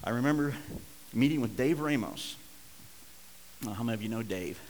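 Middle-aged pastor preaching in an echoey hall. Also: male voice, medium pitch, animated, normal speed, a little hiss or hum. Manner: storytelling, swings from soft to loud and urgent. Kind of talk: sermon.

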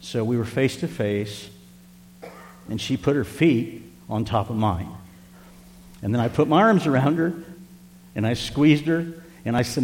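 Older man, church pastor, heartfelt storytelling sermon, mid pitch, long church reverb. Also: measured pace, pauses often, a little mellow, a little hiss or hum. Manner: storytelling, tender and earnest, addressing the congregation. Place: church sanctuary.

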